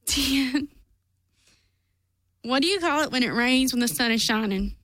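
Dry-humored woman with a lively voice. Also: on the high side, fast, no echo. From Kentucky. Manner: brief, dry answers. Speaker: podcast co-host. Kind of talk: casual chat.

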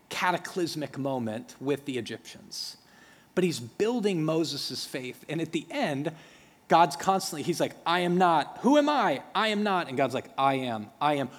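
A man preaching a sermon as pastor, animated and conversational, acting out the dialogue between speakers in the story with asides to the congregation. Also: a little high. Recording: reverberant hall.

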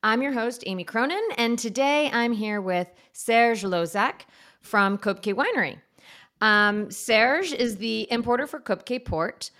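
A woman's voice: on the high side, measured pace, fairly bright tone. A woman hosting a podcast interview, friendly and chatty, asking questions and laughing easily. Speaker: podcast host.

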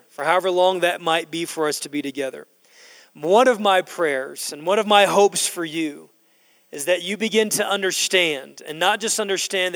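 A middle-aged male pastor preaching a sermon in a church, slowing down to stress key words and building to loud emphasis. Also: fairly high pitch. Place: church sanctuary. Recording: long hall reverb in a church.

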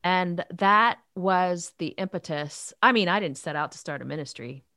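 A woman in her fifties who leads a youth ministry, answering interview questions in an earnest, animated way. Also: on the low side, moderate pace, no echo, clean studio sound. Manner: earnest, animated storytelling with faith talk. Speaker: author and youth ministry leader.

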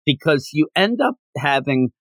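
A man's voice: fairly high pitch, big pitch swings, normal speed, fairly bright tone, no room sound. A man hosting a podcast, chatting casually and animatedly as he retells comic scenes. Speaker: podcast host. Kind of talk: casual chat reviewing a comic.

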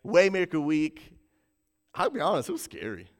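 High, lively, fired-up preacher man. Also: normal speed, big-room sound. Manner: hype-building, call-and-response with chat; rises to shouting in bursts, drops low to stress points. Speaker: pastor. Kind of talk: livestreamed church announcement.

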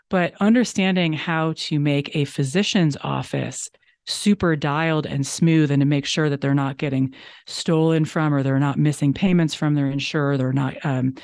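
A woman's voice: deep voice, darkish tone, no echo, clean studio sound. A woman guest on a business podcast, talking emphatically and repeating phrases for stress. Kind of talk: conversational interview.

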